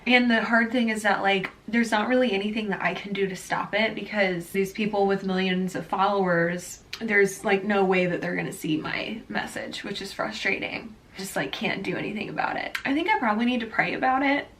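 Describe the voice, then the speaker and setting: A woman's voice: medium pitch, steady tone, moderate pace, few pauses, fairly bright tone. Chatty young woman vlogger, earnest. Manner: chatty, heavy use of "like" fillers; earnest and upset, close to tears. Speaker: small business owner and artist. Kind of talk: casual vlog talk to camera.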